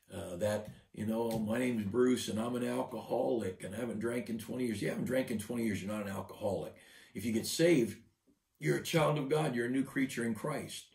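A man's voice: fairly low pitch, gravelly, a little mellow, far from the mic. Man, pastor, earnest devotional sermon, repeats words, echoey room. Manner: earnest, repeats words while building a point.

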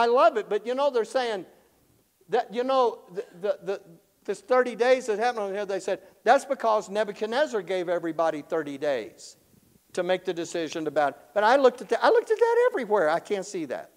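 A man teaching the Bible in an animated storytelling way, acting out the characters and chuckling often. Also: high voice, long reverb tail, poor audio.

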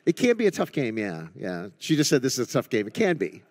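A man hosting a television game show, brisk and friendly, keeping the game moving. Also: medium pitch, huge pitch swings, darkish tone. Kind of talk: upbeat studio hosting.

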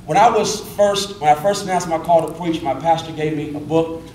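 A middle-aged man, a preacher leading a workshop, talking fast and animated, often repeating a word as he starts a thought. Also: a little high. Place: indoor room with an audience. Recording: echoey room, distant mic, faint noise.

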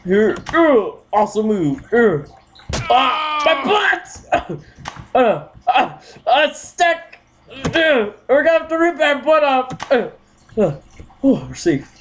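A gaming video host with a wildly swinging pitch that jumps into yelps and shouts, laughing and taunting the game's characters. The delivery is drawn out and unhurried between outbursts. A faint hiss of noise sits behind the voice. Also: very animated. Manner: talks to game characters, taunting. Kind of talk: let's-play commentary.

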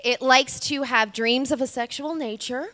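Wry, bright-voiced woman telling a story. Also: sits high, normal speed. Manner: chatty, wry, talks straight to the audience. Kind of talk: live comic storytelling. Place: stage before a live audience. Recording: long reverb of a live venue.

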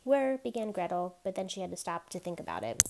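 A woman reading a novel aloud, gently giving each character a light voice of their own. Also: on the low side, sing-song, fast, creaky, noisy background. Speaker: reader.

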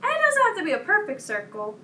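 A young woman talks to children in a slow, clear way while she reads a story and explains a craft. Her voice is high and bright. The mic is set far away and picks up a faint hiss. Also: wildly swooping pitch. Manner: slow, clear, kid-directed. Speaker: children's program presenter. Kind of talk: storybook reading and craft instructions. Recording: distant mic with faint noise.

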